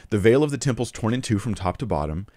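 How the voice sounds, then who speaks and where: A man's voice: fairly low pitch, expressive, fast talker, mellow, no echo. A man giving an earnest, argumentative spoken commentary for a video, quoting scripture and often restarting his phrases. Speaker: Christian apologetics video presenter.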